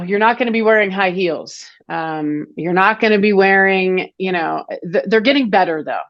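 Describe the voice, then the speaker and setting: A woman's voice: mid-range voice, lo-fi sound. A woman in her forties, a foot health clinician, explaining things casually with many fillers and restarts in an interview.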